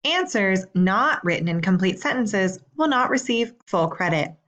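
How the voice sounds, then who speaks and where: Woman teacher reading homework questions, slow and deliberate, mid pitch voice. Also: sing-song, fairly bright tone, lo-fi sound. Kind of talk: recorded assignment instructions.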